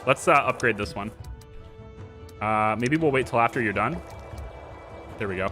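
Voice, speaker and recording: A man's voice: mid-range voice, normal speed. A man streaming a game, chatting and joking as he thinks aloud through his moves. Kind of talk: casual let's-play commentary. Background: game music.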